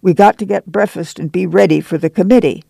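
Storybook farm mother, practical and proud, gravelly drawl, read by a man. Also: high-pitched, dark tone, no echo, heavily acted. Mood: urgent. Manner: rural drawl, brisk commands. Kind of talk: audiobook reading.

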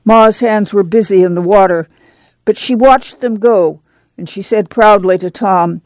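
A woman narrating a novel in steady storytelling manner. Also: medium pitch, unhurried, no room sound. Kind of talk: audiobook narration.

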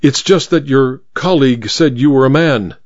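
A man's voice: mid-range voice, normal speed, no echo, lo-fi sound, lightly acted. A man playing a pompous, flustered judge. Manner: stammering when flustered, pompous.

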